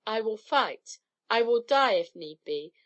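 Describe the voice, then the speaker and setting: A woman's voice: on the high side, expressive, unhurried, a bit bright, no room sound, highs cut off. Thor, a woman doing a roaring thunder god. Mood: outraged. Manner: roaring, indignant. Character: angry mighty male thunder god.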